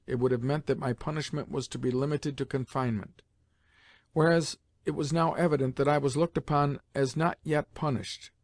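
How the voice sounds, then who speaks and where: A man narrating a classic novel in a measured, even storytelling manner. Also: medium pitch, no echo. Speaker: audiobook narrator. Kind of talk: scripted narration.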